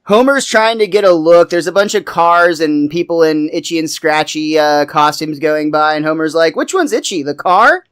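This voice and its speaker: A man's voice: fairly high pitch, fairly even intonation, normal speed, few pauses, clear, resonant tone. Chatty man recapping a cartoon episode. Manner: chatty, laughs often. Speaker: podcast co-host.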